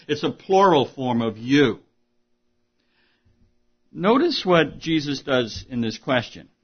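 A man preaching a sermon as pastor, earnest, dropping to a hush and then rising to stress a point. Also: on the high side, dull audio. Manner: earnest, swings between hushed and emphatic.

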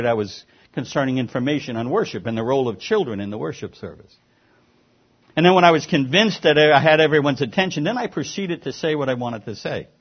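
A man's voice: fairly high pitch, slightly rough, highs cut off. A man preaching a sermon as pastor, earnest and emphatic, sometimes stumbling over repeated words.

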